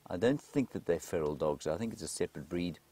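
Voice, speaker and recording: A man giving live safari commentary outdoors in the bush, chatting through viewer questions and dropping to a hushed, excited voice when animals appear. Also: deep voice, fast talker, a little hiss or hum. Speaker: safari guide presenter. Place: outdoors in a game vehicle in the bush.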